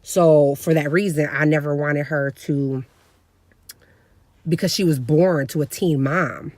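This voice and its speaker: A woman in her thirties telling a family story in a casual, slangy vlog, animated and laughing along. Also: sits low, measured pace, no room sound. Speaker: vlogger.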